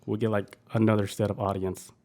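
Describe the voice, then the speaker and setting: A man's voice: lowish voice, little pitch movement, brisk, dark tone. A man hosting a podcast in loose, profane, enthusiastic casual chat. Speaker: podcast host.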